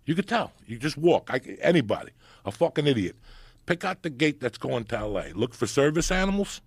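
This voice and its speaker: A middle-aged man hosting a podcast, telling profane, animated stories in casual chat. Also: mid-range voice, a little fast, slightly rough, dry recording. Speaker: podcast host. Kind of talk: storytelling chat.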